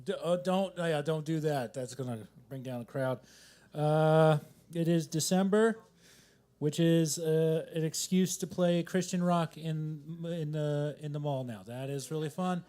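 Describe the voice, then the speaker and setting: A man's voice: a little high, a little slow, warm tone. A man doing stand-up at a coffee shop open mic, rambling and self-deprecating as he riffs from joke to joke, on a handheld mic. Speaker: stand-up comedian.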